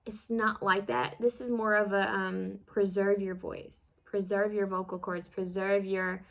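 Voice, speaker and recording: A woman's voice: medium pitch, level tone, a little slow, creaky. A woman giving a casual pick-a-card tarot reading, rambling and self-conscious, full of fillers and restarts as she fumbles over her words.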